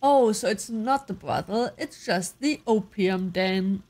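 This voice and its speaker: Playing a story game, a woman reads the narration aloud in a mid-range, slightly mellow voice at a somewhat slow pace. Between passages she drops in chatty asides of her own, in typical let's-play fashion.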